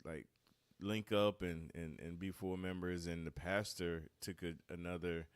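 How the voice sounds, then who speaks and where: A man with a very low, smooth and resonant voice chats casually as a podcast guest. He is relaxed and often repeats a word while he gathers his thoughts. The sound is dry and close to the mic. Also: unhurried, no echo. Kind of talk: casual conversational interview.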